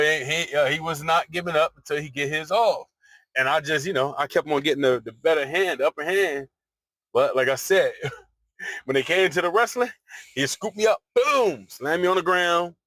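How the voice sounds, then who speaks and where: A young man in casual speech telling a story, jumping up high when he quotes himself and sinking low and quiet when he reflects. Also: no room sound. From United States. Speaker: storyteller vlogger.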